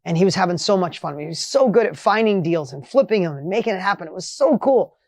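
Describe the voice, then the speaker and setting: A middle-aged man telling a motivational story with energy and emphasis, his voice rising when excited. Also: sits high, fast talker, no room sound, clean studio sound. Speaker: motivational speaker.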